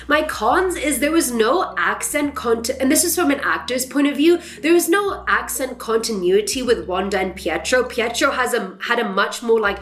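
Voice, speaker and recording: A young adult woman vlogger chatting casually about films, animated and swearing freely. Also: on the high side, normal speed, few pauses, a little hiss or hum. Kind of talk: casual reaction chat. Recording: echoey room.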